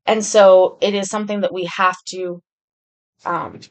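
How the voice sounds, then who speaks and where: A woman's voice: medium pitch, flat delivery, a little slow. A woman hosting a casual commentary show, talking in a rambling, candid way. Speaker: host. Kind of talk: casual commentary on court videos.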